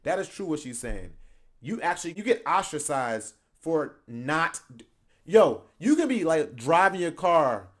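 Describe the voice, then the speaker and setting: A man's voice: a little high, sing-song, unhurried, fairly bright tone. A young man hosting his channel, reacting in casual commentary, conversational and laughing often as he makes his points. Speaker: channel host reacting to a video.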